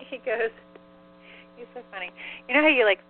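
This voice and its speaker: A woman's voice: a little high, expressive, normal speed. A woman relaying a spirit's messages in casual call-in talk, giggling often and peppering her speech with "like.". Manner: giggly, chatty, many "like" fillers. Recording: phone line with faint mains hum.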